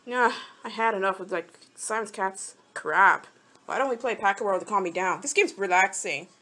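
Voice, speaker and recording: A woman's voice: medium pitch, moderate pace, sharp tone. A young woman giving casual, rambling commentary while playing mobile games, talking to the characters and getting frustrated. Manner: rambling, talks to game characters, easily frustrated. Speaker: mobile game channel host.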